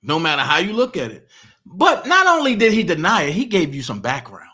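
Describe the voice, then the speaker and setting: A man hosting a casual commentary monologue, animated and taunting as he reads out legal papers. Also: high voice, a little fast. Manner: animated, taunting, reading legal text aloud. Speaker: political commentary host.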